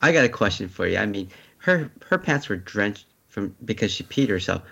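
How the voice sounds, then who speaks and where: A man's voice: lowish voice, lively intonation, normal speed, creaky, sharp tone, dull audio. A man co-hosting a casual chat, asking blunt, teasing questions.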